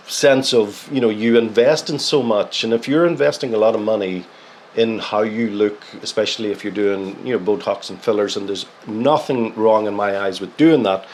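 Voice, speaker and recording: Low-voiced Irish man, chatty guest. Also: slight background noise. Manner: chatty, many fillers. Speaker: guest from a supplement company. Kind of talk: casual podcast conversation.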